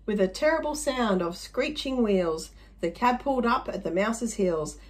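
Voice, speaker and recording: A woman's voice: a little high, lively intonation, normal speed, low-quality recording. A woman reading a rhyming children's story aloud, playful, with little asides to the listener.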